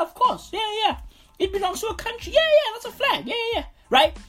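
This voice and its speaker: A woman ranting comedically in an animated, profane way. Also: sits high, slightly rough. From South Africa. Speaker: comedic vlogger. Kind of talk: comedic rant.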